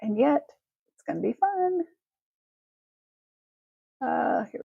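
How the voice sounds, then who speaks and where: A woman's voice: high-pitched, big pitch swings, slow pace, creaky, mellow, dry recording, lo-fi sound. A woman hosting a casual live-stream, chatty and effusive as she thanks viewers and shows jewelry. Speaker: livestream jewelry seller.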